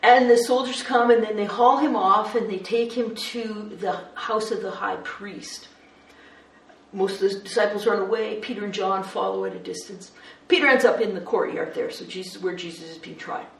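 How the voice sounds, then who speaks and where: A woman preaching a sermon, retelling a story, shifting between hushed and lively. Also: medium pitch, normal speed, gravelly. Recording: roomy echo, distant mic.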